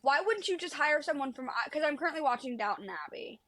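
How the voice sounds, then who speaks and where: A woman with a high, light voice co-hosts a loose podcast conversation. She talks bluntly and rambles from point to point, swearing freely as she goes. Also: expressive, fast talker, pushed and bright, dry recording, low-quality recording. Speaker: podcast co-host. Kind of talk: casual chat.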